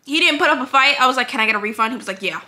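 A woman's voice: high-pitched, very fast. A young adult woman, a college vlogger, dramatically telling a casual storytime with lots of "like". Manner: animated, dramatic retelling with frequent 'like'. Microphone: handheld mic prop, not connected.

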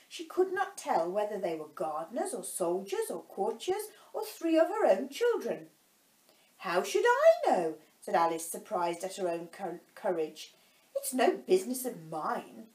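A woman teacher reading a storybook aloud to children, slowly and stopping to explain words. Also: medium pitch, a little mellow. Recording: echoey room.

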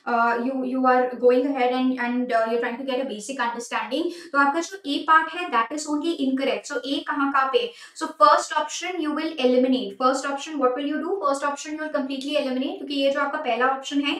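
A woman's voice: high-pitched, fairly even intonation, very fast, hardly any pauses, a bit bright, recorded from a distance. A young woman with an Indian English accent teaching a live online exam-prep lecture, switching between English and Hindi and repeating her key points. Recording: echoey room, voice off-mic.

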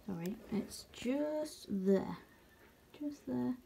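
A woman's voice: animated, vocal fry, mellow, slight background noise. British woman cooing over a pet spider. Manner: coos to her spider in a high, slow baby voice. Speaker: vlogger showing her pets. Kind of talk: casual vlog chat.

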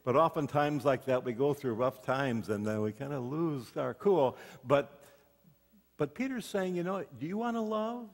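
A man's voice: on the high side, animated, normal speed. A man preaching a sermon as pastor, telling folksy stories and asking the congregation questions. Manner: folksy storytelling with rhetorical questions. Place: church sanctuary. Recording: long hall reverb.

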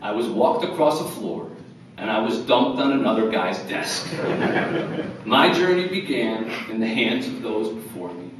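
A man in his fifties, medium-pitched, delivers an earnest award acceptance speech laced with wry humor. He is heard from a distance in an echoey hotel ballroom, with a faint hiss or hum.

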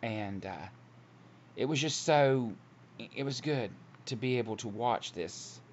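A man's voice: mid-range voice, lively intonation, takes it slowly. A man preaching casually from home, earnest and rambling, with many restarts. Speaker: online Christian video preacher. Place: at home, seated. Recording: dull lo-fi audio with faint hiss.

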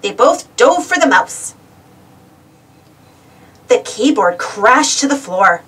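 A woman narrating a children's storybook aloud, expressive, with a distant mic. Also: on the high side, slow, husky. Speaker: storybook reader.

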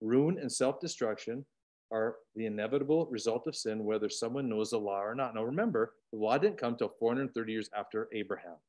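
Teaching an online Bible study over a video call, a man speaks in a mid-range voice at a fairly quick pace. He's animated, swinging between loud, emphatic bursts and quiet asides.

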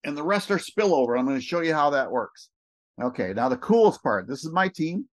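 An excited man talking fast and rambling as he walks viewers through a screen share for a recruiting pitch. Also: no room sound. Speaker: network marketing recruiter.

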